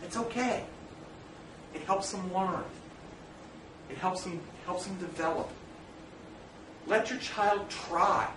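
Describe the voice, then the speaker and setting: A man speaks earnestly to fathers in a roomy space, his slightly high voice carrying some echo. He talks plainly and directly, weaving in personal stories. He stands back from the mic, and a faint background hiss sits under him. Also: takes it slowly, long pauses, recorded from a distance. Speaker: parent speaker addressing fathers. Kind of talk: informal talk to an audience.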